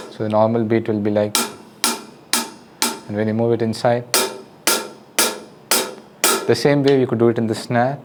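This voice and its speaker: Patient Indian-accented male drum teacher. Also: on the low side. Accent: Indian English. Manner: patient, counts beats aloud, friendly instructions. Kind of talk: casual spoken lesson. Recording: loud drum music behind the voice. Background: drums and music.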